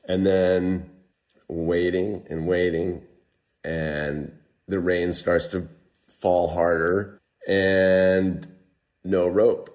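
A man's voice: low voice, very slow, pauses often. A man telling a personal story casually to an interviewer, often saying "like". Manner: animated, heavy use of "like". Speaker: guest telling a survival story.

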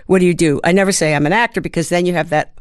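A woman's voice: lowish voice, steady tone, rapid-fire, no echo. Older woman guest, storyteller, fillers and restarts, dry sound. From US (Baltimore). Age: 70s. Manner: reflective storyteller, hums rhythms, hesitant fillers. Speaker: guest, actor and playwright. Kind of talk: conversational interview.

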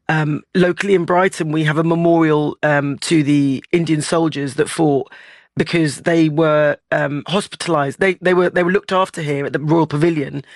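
A woman's voice: low voice, no echo. A woman, a guest speaking earnestly and reflectively in a radio discussion. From England. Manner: earnest, reflective, with many fillers.

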